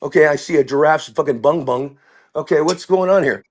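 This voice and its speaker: A middle-aged man, a comedian, telling rambling stories in an animated way and dropping into voices. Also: a little high, fairly quick. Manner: rambling, jumps into impressions and character voices. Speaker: comedian guest.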